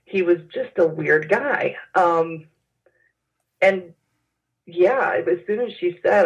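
A woman's voice: lowish voice, expressive. Hesitant woman on a dull lo-fi line. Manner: hesitant, halting with many fillers. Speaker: interview guest. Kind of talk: personal recollection in an interview. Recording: dull lo-fi sound.

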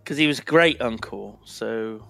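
A man's voice: on the low side, a little slow, vocal fry, pushed and bright, dry recording, soft background music. A young man chatting casually on a podcast, rambling and self-mocking. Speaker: podcast co-host. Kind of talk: casual chat.

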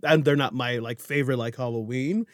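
A man co-hosting a casual movie talk, animated and playful, laughing often. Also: medium pitch, a little fast, no room sound, clean studio sound. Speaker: podcast co-host.

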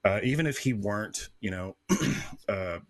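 A man's voice: lowish voice, animated, measured pace, dry recording. A man who is a guest co-host on a podcast, telling stories in a casual, rambling way with lots of fillers. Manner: rambling storyteller, many fillers.

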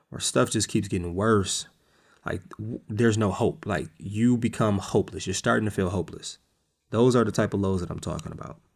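Casual low-voiced male preacher. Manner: conversational, repeats words for emphasis. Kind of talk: casual sermon.

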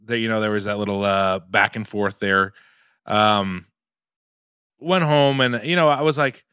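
A man co-hosting a podcast, chatting casually about fast food and reacting with short exclamations. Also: on the low side, pushed and bright, clean tone, dry recording, studio quality. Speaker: podcast co-host. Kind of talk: casual comedic food review chat.

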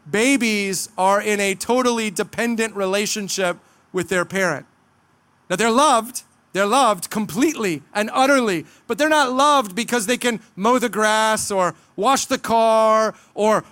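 A man's voice: sits high, a bit bright, clean tone, no echo. A man preaching a sermon, earnest and emphatic, acting out short dramatic asides in other voices. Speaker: pastor.

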